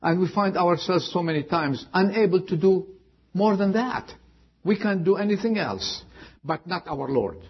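A man preaching a sermon with emphatic delivery and long dramatic pauses. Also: high-pitched, lively intonation, husky. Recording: dull lo-fi sound.

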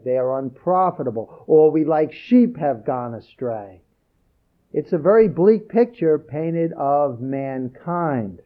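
Earnest high-voiced preacher, lo-fi sound. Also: male voice. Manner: earnest, emphatic, repeats key phrases. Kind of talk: sermon.

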